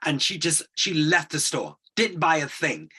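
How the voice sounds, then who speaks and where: A man in his sixties, a guest telling a long personal story, animated and acting out the voices in it. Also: on the high side, unhurried, slightly rough. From United States. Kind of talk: anecdotal storytelling.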